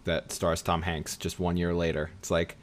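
A man's voice: deep voice, little pitch movement, normal speed. A man hosting a casual film podcast, chatty, with frequent laughs and many fillers. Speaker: podcast host.

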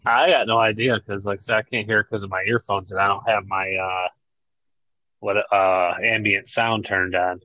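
A man's voice: on the low side, steady tone, moderate pace, no room sound, dull audio. A man co-hosting remotely in a casual chat, giving short laid-back replies. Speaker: podcast co-host on a call.

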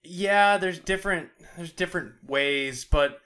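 A laid-back podcast co-host with a bright, forward voice at a middle pitch. He talks loosely and swears freely. His tone stays easygoing throughout. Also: a little slow, clean tone. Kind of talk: casual chat.

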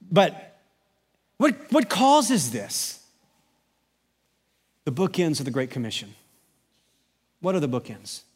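A middle-aged American man, a pastor, delivering a sermon as an animated storyteller who builds to emphatic preaching. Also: fairly high pitch, takes it slowly, long pauses, breathy edge, long reverb tail. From United States.

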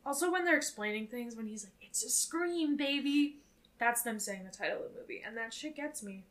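Bright-voiced young woman recapping casually. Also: fairly high pitch, lively intonation, fast. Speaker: podcast co-host. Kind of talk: casual chat recapping a film.

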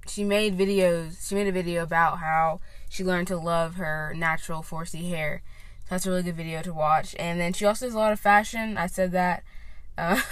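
Young woman, low-pitched, casual vlog chat, rambling, self-interrupting, dry close mic. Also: fairly bright tone, dry recording. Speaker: YouTuber recommending creators.

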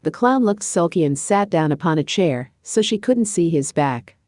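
A woman narrating a storybook in an even, measured reading. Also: lowish voice, no room sound, clean studio sound.

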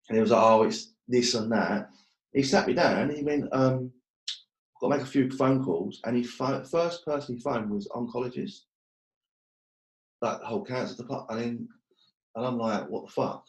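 A man's voice: medium pitch, expressive, moderate pace, roomy sound. A man telling his story as a guest, blunt and swearing often, joking about hard times. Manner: blunt, swears a lot, jokes about hardship. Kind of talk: casual storytelling.

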